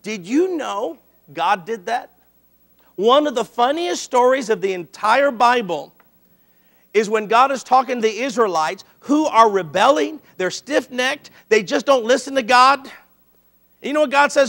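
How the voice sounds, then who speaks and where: A middle-aged man preaches a sermon in a high, bright voice with a gravelly edge. He tells stories lively and animated, slipping into the voices of the people he quotes. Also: unhurried. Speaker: pastor.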